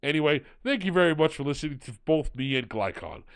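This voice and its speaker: A man's voice: on the high side, sing-song, fast, smooth. A man putting on a pompous older author. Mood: mock-grand. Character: pompous older English author, male, dry. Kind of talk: comic impression read aloud.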